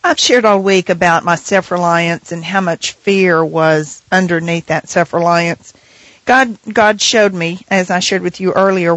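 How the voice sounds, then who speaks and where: A woman co-hosting a Christian radio program, earnestly sharing a personal testimony and reading scripture slowly and reflectively. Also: lowish voice, no echo, low-quality recording.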